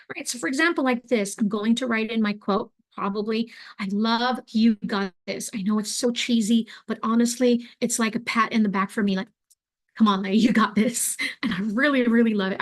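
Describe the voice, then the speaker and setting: A young adult woman leads an online craft class, chatting loosely as she works. Her speech is relaxed and full of little fillers, and her pitch sits in a middle range for a woman. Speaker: craft instructor.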